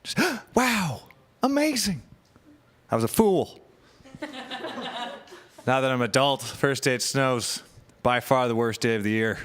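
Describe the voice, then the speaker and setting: A man's voice: mid-range voice, steady tone, unhurried, long pauses, a bit bright, clear, resonant tone. A man doing a stand-up set on a club stage, telling wry stories in a dry manner. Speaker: stand-up comedian.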